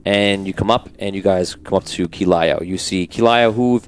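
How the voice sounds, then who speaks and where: A man's voice: low-pitched, moderate pace, slight background noise. A man narrating a tabletop game as game master, casual and rambling. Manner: casual, rambling with fillers and restarts.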